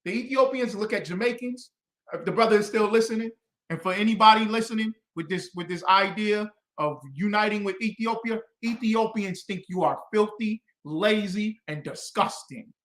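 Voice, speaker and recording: A man teaching as a religious instructor, combative and preachy, with loud emphatic bursts. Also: sits high, normal speed, reverberant. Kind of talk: fiery teaching commentary.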